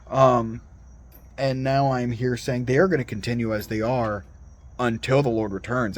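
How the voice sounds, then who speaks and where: Earnest rambling man, mid-pitched. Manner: earnest, digressive, frequent restarts. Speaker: Christian video commentator. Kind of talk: rambling solo monologue.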